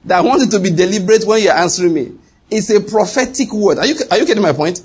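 A middle-aged man preaching a sermon as a pastor, asking the congregation rhetorical questions and climbing higher in pitch when he presses a point. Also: lively intonation, fast talker, darkish tone, breathy edge.

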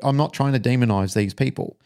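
A man's voice: medium pitch, a little fast, darkish tone, clear, resonant tone. A man, a dog trainer co-hosting a podcast, telling a story frankly and emotionally, with some swearing.

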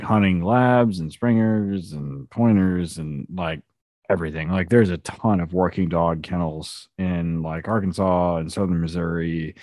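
A man hosting a casual podcast chat. He is a profane, animated storyteller who acts out the other side of a conversation. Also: low-pitched, no room sound, clean studio sound. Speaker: podcast host.

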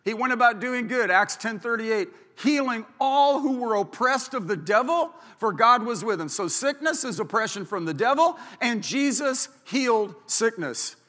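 High, bright-voiced preaching pastor. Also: male voice, lively intonation, moderate pace, hardly any pauses. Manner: emphatic preaching, drawing out key words. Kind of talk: sermon. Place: church auditorium. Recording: reverberant hall.

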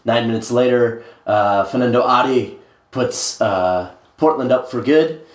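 A man's voice: mid-range voice, unhurried. A man co-hosting a casual sports podcast, rambling with many filler sounds as he recaps matches. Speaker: podcast co-host. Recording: roomy echo.

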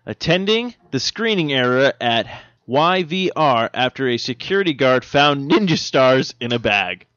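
Man, podcast co-host, casual jokey chat, bright voice, slightly dull dry recording. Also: mid-range voice, sing-song, a little slow, clean tone, dry recording. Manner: joking, puts on mock voices and laughs often. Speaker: podcast co-host reading news items.

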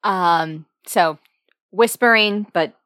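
A woman playing a tabletop game, relaxed and quick to laugh. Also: mid-range voice. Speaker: player. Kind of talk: casual tabletop play.

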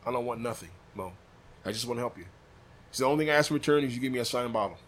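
A man's voice: medium pitch, lively intonation, rapid-fire, fairly bright tone. A man from Des Moines, a barbecue pitmaster, telling a story in a casual chat and acting out the quoted dialogue. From Des Moines, Iowa. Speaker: podcast guest, barbecue pitmaster. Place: room above a butcher shop.

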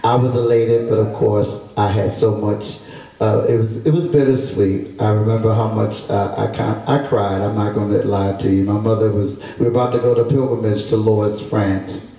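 A middle-aged man from Baltimore, a priest, telling a lively testimony to a congregation and acting out the voices of people in his stories. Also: lowish voice, moderate pace. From Baltimore, Maryland. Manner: animated storyteller, acting out voices with laughter. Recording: echoey room, distant mic.

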